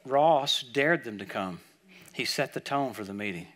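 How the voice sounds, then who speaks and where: An older man preaching a sermon, telling stories with lively acted-out quotes, often repeating words and dropping into soft, quiet tones. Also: medium pitch, unhurried. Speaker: guest preacher. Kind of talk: sermon storytelling.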